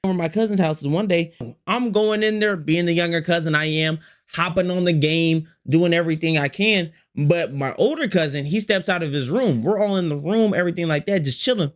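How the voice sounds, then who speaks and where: A man's voice: a little high, a little fast. A man telling a storytime to his chat in a slangy, profane way, repeating phrases and acting out the quotes. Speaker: storytime vlogger.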